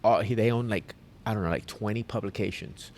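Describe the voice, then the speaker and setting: A man, a podcast host telling a long story in casual chat, animated and rambling with restarts. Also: fairly low pitch, a little fast. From United States.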